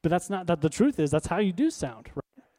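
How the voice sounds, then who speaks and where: A man's voice: high-pitched, sing-song, brisk, dark tone. A man preaching a sermon as pastor, in a conversational, emphatic style full of rhetorical questions.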